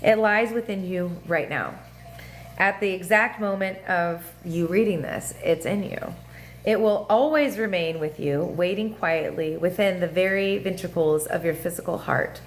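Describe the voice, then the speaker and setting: A woman hosting a casual astrology livestream, talking in an animated, profane way with laughing asides and sing-song voices. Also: fairly low pitch, a little slow, slight background noise. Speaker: livestream host. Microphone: phone or webcam mic.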